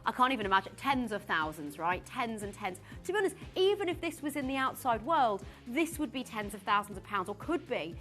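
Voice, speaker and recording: A woman presenting live on a shopping channel, gushing and excitable, often restarting her sentences. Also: on the high side, a little fast, few pauses, soft background music. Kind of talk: live TV sales pitch.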